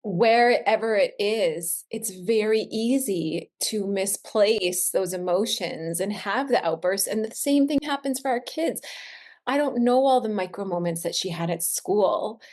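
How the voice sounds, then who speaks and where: A woman in her thirties, a wellness expert, talking earnestly and reflectively in a heartfelt conversation, slowing down on the phrases she stresses. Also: mid-range voice, animated, a little mellow.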